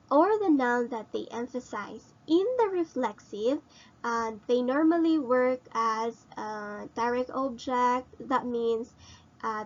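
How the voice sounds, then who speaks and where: A woman with a Filipino English accent teaches grammar at a very unhurried pace. Her voice sits a little high, and she asks and answers her own questions. The recording sounds slightly dull and lo-fi. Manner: slow, explaining step by step with rhetorical questions. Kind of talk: recorded online grammar lesson.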